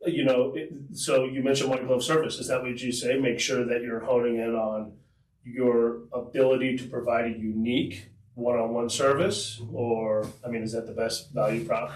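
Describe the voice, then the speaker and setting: Podcast host, mid-pitched man, chatty interviewer, echoey room with the mic set back. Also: little pitch movement, normal speed, recorded from a distance. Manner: conversational, asks long questions.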